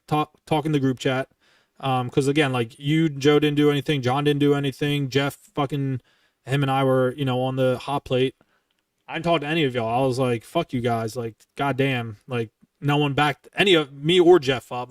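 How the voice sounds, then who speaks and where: Medium-pitched and steady, this twentysomething podcast host moves fairly quickly through a long, rambling retelling that's heated and full of profanity. The sound is dry with no echo, and he sits somewhat away from the mic.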